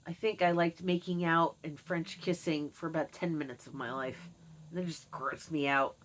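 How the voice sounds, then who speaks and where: A woman's voice: sits low, fairly even intonation, normal speed, slight background noise. A middle-aged woman talking candidly to camera about her childhood and her pets, reflective and confiding. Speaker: vlogger. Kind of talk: candid personal monologue.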